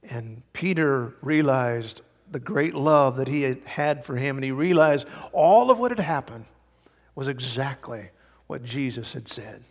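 A man preaching a sermon in a church, emphatic, swinging between loud and hushed. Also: mid-range voice, lively intonation, unhurried. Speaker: pastor. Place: church sanctuary. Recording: long hall reverb.

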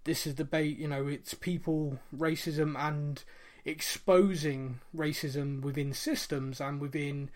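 A man's voice: a little high, steady tone, unhurried, a little mellow. Earnest man in his thirties. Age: 30s. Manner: earnest, reflective, with many fillers and restarts. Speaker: podcast co-host. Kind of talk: casual podcast chat.

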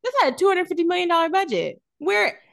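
A woman co-hosting a podcast, chatting casually about a film, animated and laughing often as she riffs. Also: very high-pitched, fast talker, gravelly. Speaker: podcast co-host.

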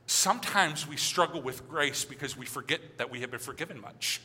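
A middle-aged male pastor gives a lively, chatty sermon, slipping into quoted voices as he goes. His voice is somewhat high and very bright and cutting. It rings out with a long reverb, like a church sanctuary. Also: normal speed, husky. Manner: conversational, animated, acts out quoted voices.

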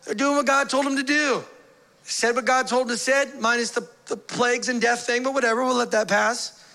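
A man preaching a sermon as pastor, animated and conversational, with playful asides, reading scripture aloud. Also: very high-pitched, a little fast. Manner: reads scripture aloud, voicing the quoted figures.

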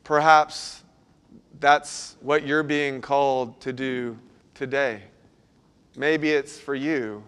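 A man preaching a sermon as a pastor, telling a personal story and moving between hushed passages and loud, urgent ones. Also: medium pitch, fairly even intonation, takes it slowly, clear, resonant tone.

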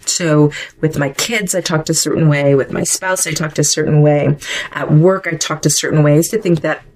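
Low-voiced woman hosting a chatty podcast. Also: fairly even intonation, moderate pace, darkish tone, low-quality recording. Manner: conversational, chatty with digressions. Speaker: podcast host. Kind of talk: solo podcast monologue.

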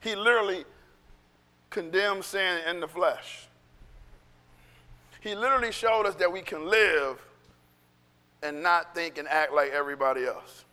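A male pastor preaching a sermon in an animated, conversational way that swings into shouting. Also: high voice, unhurried, long pauses, smooth, big-room sound.

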